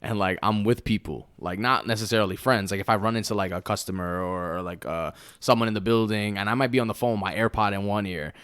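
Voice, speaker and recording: A man's voice: fairly low pitch, quick pace, hardly any pauses, fairly bright tone, clean tone, dry recording, clean studio sound. A man in his twenties co-hosting a podcast, loose and profane and laughing often as he tells stories. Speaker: podcast co-host. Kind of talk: casual podcast banter.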